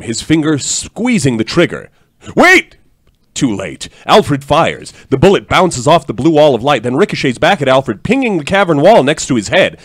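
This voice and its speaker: A man's voice: on the high side, no echo. A man narrating the stage directions in a live script read, with joking asides.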